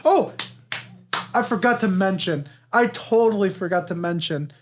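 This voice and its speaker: A man's voice: high voice, normal speed. A man co-hosting a podcast, casually recapping a movie plot in a rambling way, swearing and laughing. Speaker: podcast co-host. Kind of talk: casual movie review chat.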